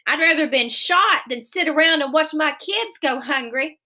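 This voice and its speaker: Defiant, desperate father read by a woman, high and bright. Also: expressive, normal speed. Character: desperate adult father among jobless men.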